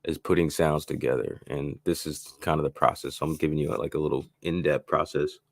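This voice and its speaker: A man with an extremely low, gravelly voice walks through his beat-making process in a casual live-stream tutorial. He rambles loosely, with plenty of fillers and restarts. The sound is dry and close, with no room around it. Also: steady tone, brisk, no echo.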